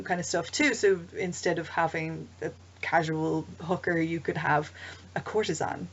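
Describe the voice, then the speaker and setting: A woman talks through tips for running tabletop games in a loose, chatty vlog style. Her voice sits low for a woman, and she drifts into asides with frequent ums. The recording is dull and lo-fi. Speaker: game master advice vlogger. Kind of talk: casual explanatory vlog.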